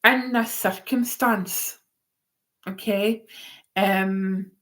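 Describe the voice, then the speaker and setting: Slow, chatty woman reading tarot. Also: medium pitch, fairly even intonation, a bit bright. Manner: chatty, rambling, goes off on tangents. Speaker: tarot reader. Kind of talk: live-stream tarot reading.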